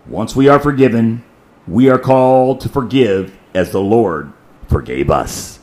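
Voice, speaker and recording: A man preaching a sermon in an echoey church sanctuary. He speaks slowly with a lively, sweeping pitch, repeating key lines for emphasis and swinging from near-whispers to loud declarations. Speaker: pastor.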